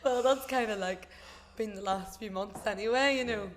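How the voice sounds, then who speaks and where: A woman's voice: mid-range voice, normal speed. A woman from Northern Ireland, a singer guest on a podcast, chatting casually with dry jokes and easy laughter. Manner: dry, joking, laughs easily. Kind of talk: casual chat.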